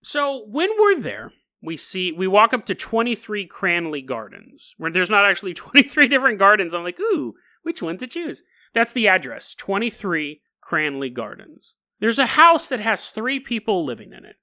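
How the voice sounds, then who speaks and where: A man's voice: high-pitched, sing-song, normal speed, sharp tone. A man hosting a comedic storytelling podcast, joking and laughing often, with frequent asides to the listener. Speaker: podcast host.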